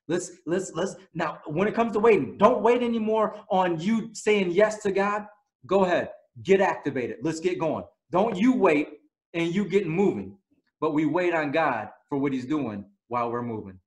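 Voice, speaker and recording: A man preaching a sermon, telling lively stories and closing in soft prayer. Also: high voice, normal speed. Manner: animated storytelling, rising to loud exclaims. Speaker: pastor.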